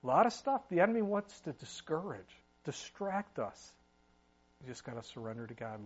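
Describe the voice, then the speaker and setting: A man's voice: a little high, big pitch swings, normal speed, dull audio. A middle-aged man preaching a sermon in a conversational way, with asides and sudden emphatic rises. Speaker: pastor.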